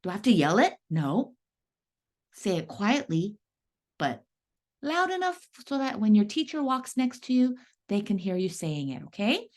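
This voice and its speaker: A woman teaching first graders to write, her voice swooping up and down in a patient sing-song. She stretches key words out slowly and checks in with the class often. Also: mid-range voice, very animated, darkish tone. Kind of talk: classroom writing lesson.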